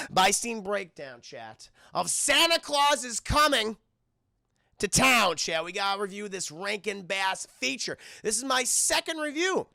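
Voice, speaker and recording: A man's voice: high-pitched, creaky, sharp tone, dry recording, clean studio sound. A man giving a rambling, profane, casual livestream film review, constantly addressing his chat.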